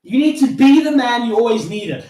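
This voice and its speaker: A young man from South Africa, loud and fired up, swearing heavily and counting reps aloud while out of breath from push-ups. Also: very high-pitched, expressive, moderate pace. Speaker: vlogger. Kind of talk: motivational rant while doing push-ups. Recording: roomy echo.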